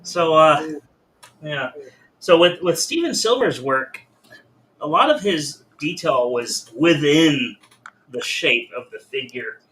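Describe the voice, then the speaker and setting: A man's voice: on the high side, takes it slowly. A tired man, a guest artist, chatting casually and hesitantly while he draws. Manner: relaxed, hesitant, many fillers. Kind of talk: casual chat while drawing.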